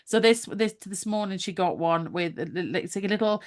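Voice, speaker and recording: A woman's voice: mid-range voice, fairly quick. Middle-aged woman on a chatty podcast, laughs a lot, rambling family stories. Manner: chatty, laughing, animated storytelling. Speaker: podcast co-host. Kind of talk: casual chat.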